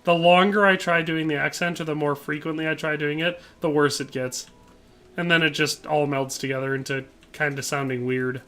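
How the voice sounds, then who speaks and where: A man's voice: fairly high pitch, fairly even intonation, moderate pace, pushed and bright. A man streaming a game, talking casually and ranting in exasperation while reading chat aloud. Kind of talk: casual gameplay commentary.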